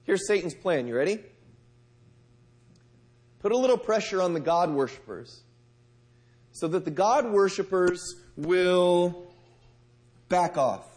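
A man preaching a sermon, talking to his listeners, asking them direct questions, and moving between loud emphasis and soft, gentle lines. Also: high-pitched, lively intonation, slow pace, pauses often. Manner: conversational, asks the audience direct questions.

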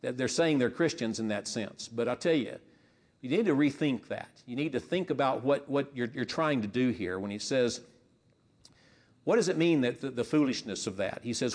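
A man's voice: medium pitch, animated, normal speed. Emphatic man preaching a sermon. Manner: emphatic, rising and falling in loudness, rhetorical questions.

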